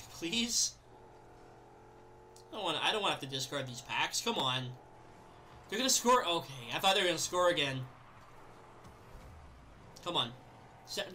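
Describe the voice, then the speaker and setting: Excitable young man narrating gameplay. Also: sits high, a little hiss or hum. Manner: excitable, yells and laughs at plays. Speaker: gaming video creator. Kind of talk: live gameplay commentary.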